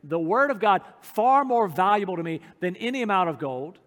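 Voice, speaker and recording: A pastor preaching a sermon in a church, earnest and emphatic, slowing his phrases to stress key points. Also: sits high, big pitch swings, fairly bright tone. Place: church sanctuary. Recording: long hall reverb.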